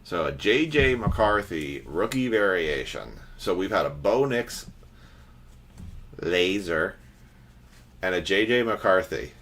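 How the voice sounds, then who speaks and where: Deep-voiced joking card-break host. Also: male voice, sing-song, slow, long pauses, a bit bright, a little hiss or hum. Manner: joking, teasing, chatty. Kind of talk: casual livestream banter.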